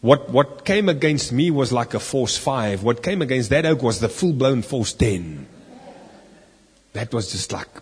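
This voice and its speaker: A man preaching a sermon as an animated story, now and then rising loud for the key lines. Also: medium pitch, measured pace, a little hiss or hum. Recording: long reverb in a hall.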